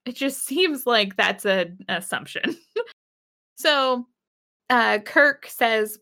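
Young woman host, laughing and swearing, bright voice, a bit high. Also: slow. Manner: giggly, swearing, animated retelling. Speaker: podcast co-host. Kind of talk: casual episode recap.

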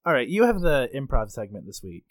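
A man's voice: mid-range voice, sing-song, fairly quick, dry recording. A man co-hosting a podcast, talking in a laid-back, wry way. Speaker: podcast co-host. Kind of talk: casual chat.

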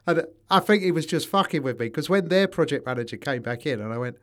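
A man's voice: a little high, animated, quick pace, fairly bright tone. A man co-hosting a podcast, telling anecdotes in a sweary, jokey way. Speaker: podcast co-host. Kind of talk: casual chat.

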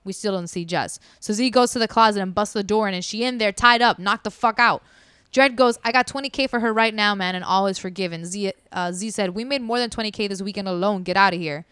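Smooth-voiced woman telling a wild story. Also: medium pitch, quick pace, no echo, studio quality. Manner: animated, acts out quotes. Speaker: podcast storyteller. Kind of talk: casual storytelling.

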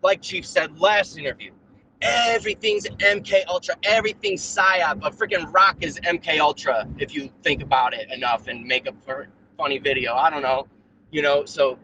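Ranting and rambling on a live stream, this man uses a fairly high, pushed, bright voice with lively intonation at normal speed, full of fillers, restarts, and mocking voices for quotes. He speaks through his own mic on a remote call, and the rough recording carries slight background noise.

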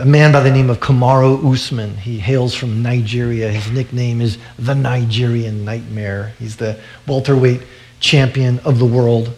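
A man's voice: mid-range voice, a little mellow. A male pastor preaching a sermon to his church in an earnest way, often restarting and repeating words.

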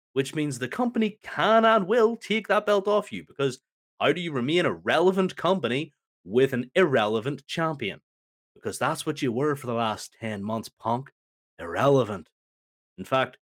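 A man co-hosting a wrestling podcast, ranting in an exasperated, mocking way. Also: a little high. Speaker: podcast co-host. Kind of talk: heated opinion rant.

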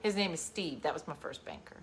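A woman in her forties hosting a livestream, telling stories in a casual chat and swinging from loud bursts to hushed asides. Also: low-pitched, animated, fast talker. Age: 40s. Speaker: livestream host.

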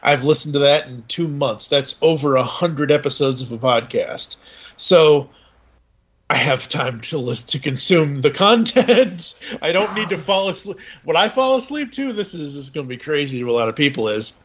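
A man's voice: medium pitch, moderate pace, lo-fi sound. A man hosting a podcast, telling a long, rambling story in a casual chat.

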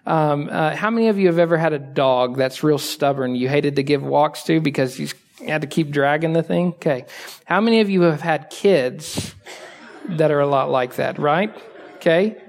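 A male pastor delivers a sermon in a high, light voice. He talks to the congregation conversationally, asking rhetorical questions, and moves from quiet asides up to forceful, emphatic lines. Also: normal speed, gravelly.

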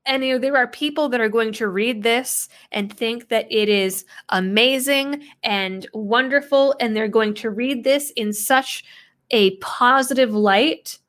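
Woman reading an article out loud and picking it apart, sarcastic and doubtful, voice sits a bit high. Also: a little slow. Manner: sarcastic, skeptical, quotes text aloud with asides. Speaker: political commentator. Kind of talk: solo commentary reading from an article. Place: New England background.

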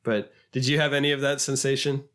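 A man co-hosting a podcast in casual chat, animated and sometimes quoting clips in a higher put-on voice. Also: brisk. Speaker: podcast co-host.

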